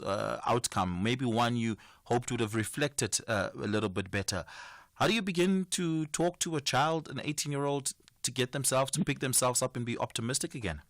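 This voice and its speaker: A man hosting a radio talk show, polite and measured as he introduces a guest. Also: medium pitch, a bit bright, dry recording, studio quality. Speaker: radio host. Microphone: studio microphone.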